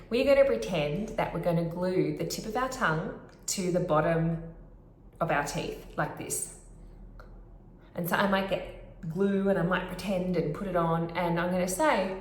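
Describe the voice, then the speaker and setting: Woman therapist, lower register, teaching to camera, demonstrates sounds, roomy echo. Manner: friendly, clear, demonstrates sounds. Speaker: speech pathologist. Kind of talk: instructional explanation to camera.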